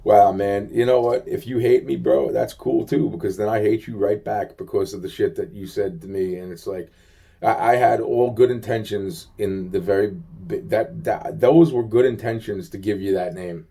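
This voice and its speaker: A man's voice: on the low side, moderate pace, vocal fry, mellow, husky. A man venting in a rambling casual monologue, agitated, profane and full of repeated fillers.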